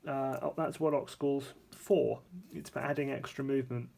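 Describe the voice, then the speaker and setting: A man with a gravelly, fry-edged voice at a middle pitch talks through a painting demonstration at his table. He is relaxed and chatty, thinks out loud, and corrects his own wording mid-sentence. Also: moderate pace. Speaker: art supplies reviewer demonstrating paints. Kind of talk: casual hands-on painting tutorial.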